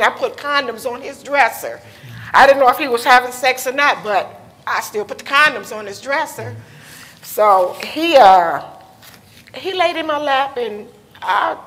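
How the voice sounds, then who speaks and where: A woman's voice: high-pitched, a bit bright. Emotional woman telling her story on a panel. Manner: emotional, candid, nervous. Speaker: panel speaker, mother. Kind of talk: personal testimony at a panel. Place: conference hall with audience. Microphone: handheld microphone.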